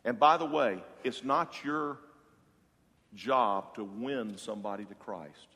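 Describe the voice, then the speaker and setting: A man preaching a sermon as pastor, passionate and swinging from loud to hushed. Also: fairly low pitch. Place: church sanctuary. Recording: long hall reverb.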